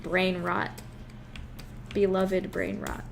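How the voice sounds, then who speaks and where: A woman's voice: lowish voice, level tone, drawn-out words, creaky, background noise. Gamedev lady rambling on stream, lots of giggles, faint typing in the back. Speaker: game developer streaming live. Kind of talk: casual live-stream chat.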